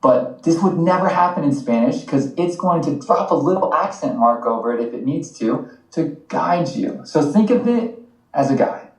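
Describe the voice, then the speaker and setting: A man's voice: on the high side, animated, normal speed, far from the mic. Laid-back man in an echoey room. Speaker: podcast co-host. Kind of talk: casual explanatory chat. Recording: echoey room, a bit off-mic.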